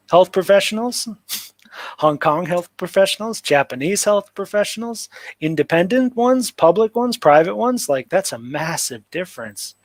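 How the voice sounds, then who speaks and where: A man's voice: fairly high pitch, dry recording, rough recording. A man hosting a casual livestream, picking apart a notice with sarcastic, rambling commentary full of "like" fillers. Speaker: livestream host. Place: home livestream setup.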